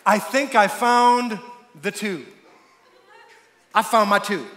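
A man's voice: a little high, brisk. A man playing an overjoyed young godly man who eagerly announces news to everyone. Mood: giddy. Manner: shouting with giddy excitement. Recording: echoey church hall with long reverb.

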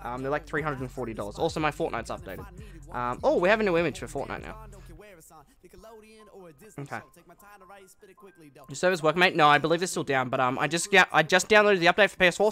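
A man's voice: on the high side, pushed and bright. An eighteen-year-old Australian man chatting casually on a gaming live stream, answering viewer comments in a laid-back way.

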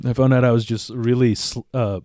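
A stand-up comedian from the Chicago area talks in a medium-pitched, slightly mellow voice, fairly quick and steady in tone. In a casual podcast chat he spins long, profane stories, often stumbling over repeated words as he begins sentences. The recording is clean studio sound with no room noise.

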